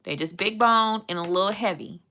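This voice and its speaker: A woman's voice: medium pitch, fairly quick, pushed and bright. A young woman chatting playfully with her live-stream chat and reading animal facts aloud.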